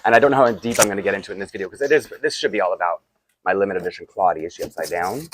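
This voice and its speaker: A man's voice: lowish voice, rapid-fire, background noise. A tired, groggy man, chatting casually and rambling with asides while unboxing toys for his vlog. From Canada. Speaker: toy collector vlogger.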